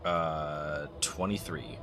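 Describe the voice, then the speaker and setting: A man's voice: rumbling low, steady tone, extremely slow, a bit bright, faint music behind. A man playing a tabletop game, talking casually and bluntly with some swearing. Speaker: player.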